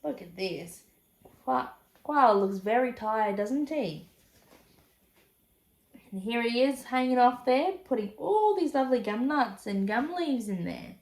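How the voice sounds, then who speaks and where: A woman reads a children's picture book aloud in a lively, high voice and chats with young listeners between pages. She takes her time, and the room is echoey. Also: measured pace, pauses often. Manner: expressive, chatty asides to young listeners. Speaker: storybook reader.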